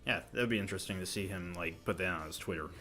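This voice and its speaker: A man's voice: low-pitched, fast, sharp tone. A young man chatting on a podcast, easygoing and filling his talk with "like". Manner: lots of "like" fillers, easygoing. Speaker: podcast co-host. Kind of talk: casual chat.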